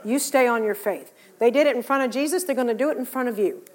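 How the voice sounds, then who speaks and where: This woman's sermon is full of lively Bible storytelling, complete with acted-out voices for the people involved. Her voice sits on the high side, and she talks fast.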